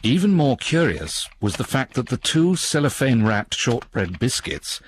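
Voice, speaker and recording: An actor narrating as a weary, sardonic middle-aged writer, in a dry diary voice-over for a radio comedy. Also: male voice, mid-range voice, very animated, normal speed, slight background noise, close to an everyday voice. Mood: wry. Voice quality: dry, wry.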